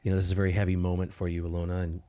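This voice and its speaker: Low-ish guy running a tabletop game, lots of ums and restarts. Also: completely flat delivery, racing, dark tone. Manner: rambling, filler-heavy narration with restarts. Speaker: game master.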